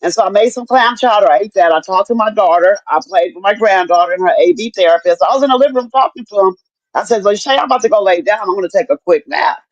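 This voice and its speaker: A woman's voice: medium pitch, animated, fast talker, no room sound, muffled recording. An older woman and grandmother speaking candidly in a casual chat, often repeating herself and cursing freely. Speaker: stroke survivor sharing her story.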